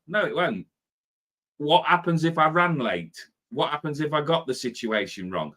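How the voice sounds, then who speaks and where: A man in his fifties hosting a motivational talk as a spiritual life coach, lively and quick to act out his own impatient inner voice. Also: a little high. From Britain. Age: 50s.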